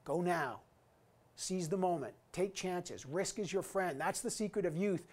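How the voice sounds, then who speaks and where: A man's voice: high voice, normal speed, a little mellow. A man in his fifties giving an earnest, emphatic graduation address as an alumni guest speaker. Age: 50s. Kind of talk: recorded commencement address.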